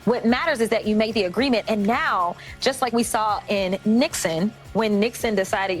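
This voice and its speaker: A woman speaks in a political discussion, explaining her points emphatically. Her voice has a middling pitch and an even tone. Faint music sits low behind her. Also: moderate pace, hardly any pauses.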